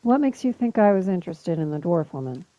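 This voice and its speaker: A woman's voice: on the low side, sing-song, brisk, mellow, no room sound, dull audio. Woman voicing a blunt young adventurer woman.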